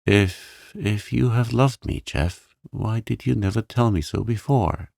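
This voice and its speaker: A proud young woman speaks her heart plainly and steadily, as a man reading the tale puts her on. The delivery stays slow and unhurried, with a faint gravelly grain beneath the lifted voice. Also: on the low side, a little mellow, no echo, clean studio sound, pitched above the performer's own voice. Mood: hurt.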